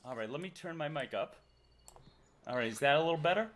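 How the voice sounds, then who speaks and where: A man's voice: a little high, lively intonation, quick pace, fairly bright tone. A man hosting a live stream in casual chat, joking and reading out the chat. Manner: jokey, reads chat aloud, laughs often.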